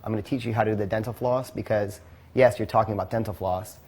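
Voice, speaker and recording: A man giving blunt, quick coaching feedback to a class, swearing freely. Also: lowish voice, steady tone, darkish tone, breathy edge. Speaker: pickup coach.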